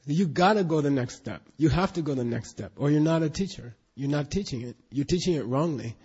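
Man, Buddhist teacher, emphatic, slightly high voice, dull lo-fi recording. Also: lively intonation, a little fast, darkish tone, husky. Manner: emphatic, questioning, drills students. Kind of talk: classroom teaching, leading group recitation.

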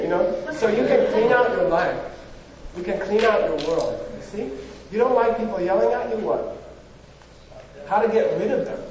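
A man with a high-sitting, darkish voice gives a relaxed spiritual talk, leaning on rhetorical questions and "you know." The recording picks him up from afar in an echoey hall, with a little hiss or hum.

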